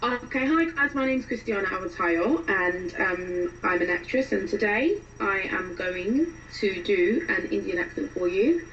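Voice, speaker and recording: A woman's voice: medium pitch, lively intonation, measured pace, few pauses, a bit bright, far from the mic, muffled recording, faint music behind. A woman actress casually introducing her accent demos, hesitating with many ums.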